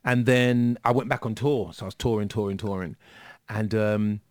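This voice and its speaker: A man's voice: lowish voice, level tone, moderate pace, dry recording, studio quality. A man telling a story as a guest in a casual interview, with lots of fillers and restarts. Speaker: guest musician.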